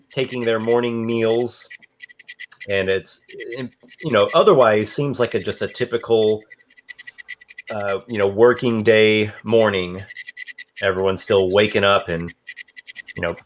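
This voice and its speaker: A man narrating as game master in a tabletop game, halting, with many fillers and restarts. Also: on the low side, slight background noise.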